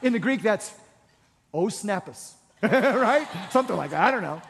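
A man's voice: high-pitched, expressive, normal speed, gravelly, a bit bright, a little hiss or hum. A man preaching a sermon to a congregation, repeating phrases and building to passionate exhortation. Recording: long hall reverb.

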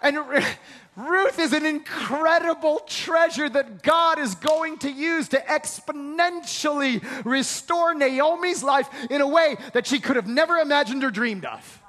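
A man's voice: extremely high pitch, sharp tone. A man preaching a sermon with a dramatic, emphatic delivery, acting out conversations and building to repeated phrases. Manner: dramatic, acts out dialogue, builds to emphatic repetition. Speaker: pastor. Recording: hall reverb.

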